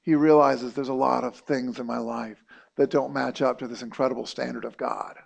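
A man's voice: mid-range voice, fairly even intonation, moderate pace, vocal fry. A middle-aged man preaching a sermon in a loose, conversational way, full of fillers and restarts. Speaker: pastor.

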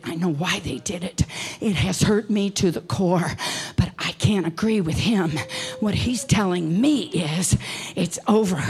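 A woman's voice: fairly low pitch, a little mellow, husky. A woman preacher telling a personal story in a sermon, emotional and at times dropping to near whispers. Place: conference hall.

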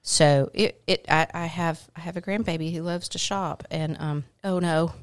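A woman's voice: low-pitched, normal speed, clean tone, no room sound. A middle-aged woman, co-hosting a casual chat and telling stories with laughter. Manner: animated, laughing storyteller. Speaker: co-host.

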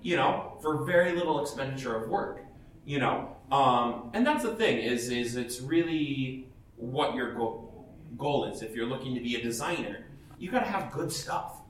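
A man's animated, mid-range voice, at a moderate pace with a little hiss or hum, carries from far off through an echoey hall with faint ambience. As a professional cosplayer at a panel, he gives the audience blunt, chatty advice, laughing often and restarting his sentences.

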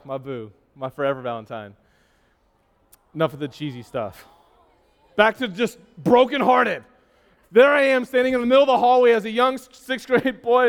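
A man with a high, smooth, clear voice preaches to a youth group in a long-echoing church hall. He tells stories with self-teasing asides and often trips over and repeats his words. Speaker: youth pastor.

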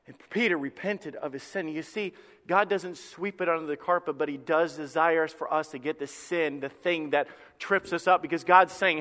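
A man preaching a sermon as pastor, with impassioned delivery that swings from hushed to loud and a habit of repeating his first words. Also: fairly high pitch, normal speed, long reverb tail. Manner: repeats words when starting a phrase.

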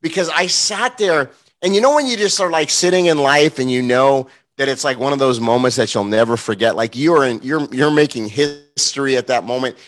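A man's voice: mid-range voice, fairly quick, few pauses, a bit bright. A man preaching a morning sermon, telling a heartfelt personal story in an earnest, emotional way, with many fillers and restarts.

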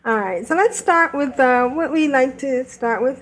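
A woman hosting a podcast, with a slightly high voice. She chats casually and laughs often between her remarks. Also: expressive, moderate pace. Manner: giggly, chatty. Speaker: podcast host. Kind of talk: casual chat.

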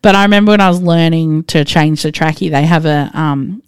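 A woman's voice: low-pitched, brisk, smooth. A woman, a nurse co-hosting a podcast, telling work stories in casual chat and laughing often. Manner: chatty storyteller, laughs often.

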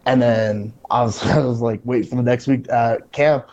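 Casual male wrestler, mellow dark voice, lively anecdote teller, muffled lo-fi audio. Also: mid-range voice, moderate pace. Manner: animated storyteller, acts out quotes. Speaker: pro wrestler. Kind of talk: casual conversation.

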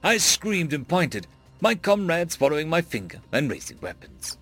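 A man's voice: very animated, moderate pace, husky, faint music behind. A man narrating a dramatic first-person story, raising his voice sharply for panicked lines. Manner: voices characters' panicked shouts with big pitch jumps.

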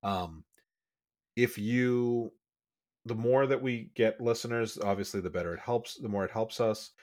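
Rambling, low-voiced male podcast host. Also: measured pace, darkish tone. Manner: rambling, restarts often, bursts of speed. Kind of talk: casual podcast chat.

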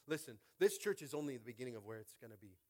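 A male pastor preaching a sermon in a church, talking casually and building to loud, shouted high points. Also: animated, rapid-fire. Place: church sanctuary.

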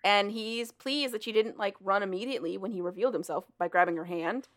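A woman's voice: mid-range voice, a little fast, fairly bright tone. A woman in casual chat, animatedly retelling a story with laughter and swearing.

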